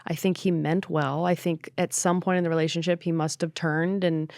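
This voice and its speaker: A woman with a fairly low voice tells a candid personal story in relaxed conversation. She is animated and slips into acting out her own past thoughts. The sound is dry and close. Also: moderate pace, dry recording. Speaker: podcast guest.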